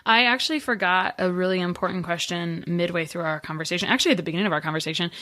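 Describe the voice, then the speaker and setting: A woman's voice: fairly low pitch, rapid-fire, sharp tone, no echo, studio quality. A woman hosting a podcast interview, chatty and playful, with rambling asides. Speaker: podcast host.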